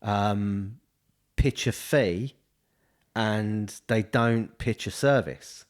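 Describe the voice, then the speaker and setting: Give me a man with a lowish voice rambling casually on a podcast. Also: very slow, smooth. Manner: rambling, full of restarts and "you know". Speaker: podcast co-host, estate agent. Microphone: studio podcast mic.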